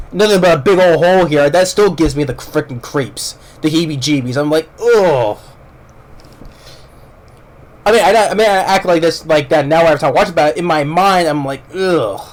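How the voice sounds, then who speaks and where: A man casually reviewing a film, rambling with many restarts and repeated words, blunt and informal, with casual swearing. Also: fairly high pitch. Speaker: movie reviewer.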